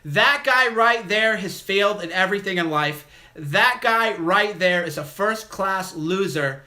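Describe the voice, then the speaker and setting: Male call-in host, high-pitched, sharp and tense, insulting and repetitive. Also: lively intonation, unhurried. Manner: aggressive, mocking and insulting; repetitive, emphatic delivery. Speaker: livestream host. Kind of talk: call-in livestream rant.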